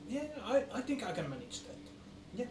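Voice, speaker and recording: Male player, high voice, playful in-character banter, roomy echo. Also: very animated, fairly quick, recorded from a distance, background noise. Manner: playful, laughs often. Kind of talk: in-character tabletop play. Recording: echoey room with music.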